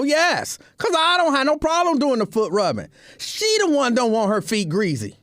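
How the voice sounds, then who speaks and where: A man's voice: extremely high pitch, huge pitch swings, normal speed, a bit bright, no room sound, clean studio sound. A man hosting a show, telling a comedic casual monologue with joking, repetitive asides. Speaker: show host.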